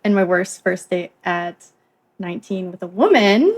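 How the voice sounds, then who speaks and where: A woman's voice: lowish voice, expressive, normal speed. A young woman in her twenties, a podcast co-host, telling a first-date story in casual chat. She laughs often and acts out the quotes.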